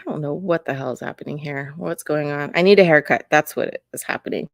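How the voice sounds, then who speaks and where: This astrology podcast host and reader talks in a low voice, brisk and with few pauses, her casual chatter wandering and constantly interrupting itself. It's a home recording on camera, dry and clean like a studio.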